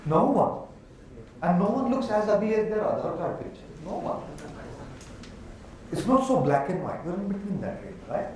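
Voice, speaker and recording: A man with an Indian accent giving an animated motivational talk to a live audience, asking them questions as he goes. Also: high-pitched, normal speed, pauses often. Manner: animated, asks the audience questions, uses props. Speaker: motivational speaker. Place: large hall with a live audience. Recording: echoey hall from far off.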